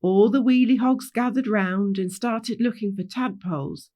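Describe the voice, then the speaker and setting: A woman's voice: on the high side, unhurried, warm tone. A woman reading a children's story aloud as storyteller.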